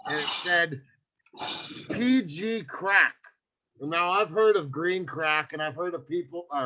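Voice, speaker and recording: A man's voice: fairly high pitch, bright, forceful tone. A man hosting a comedy show, thanking the act and chatting in friendly, rambling banter. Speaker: show host. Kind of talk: casual emcee chat. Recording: dull lo-fi online audio.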